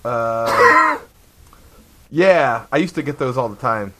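A man's voice: mid-range voice, huge pitch swings, takes it slowly, very noisy. A man co-hosting a podcast, chatting casually and reading online reviews aloud in a laid-back way. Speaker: podcast co-host. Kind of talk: casual chat.

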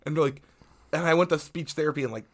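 A man's voice: a little high, fast talker. A man with a lisp, co-hosting a podcast in casual, rambling banter and laughing often. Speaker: podcast co-host.

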